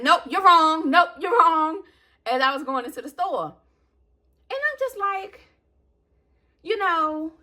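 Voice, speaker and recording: A woman vlogger telling a story in a casual rant, exasperated and animated, acting out what she said while she preps food. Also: high-pitched. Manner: animated, exasperated retelling with acted-out quotes; talks while prepping food.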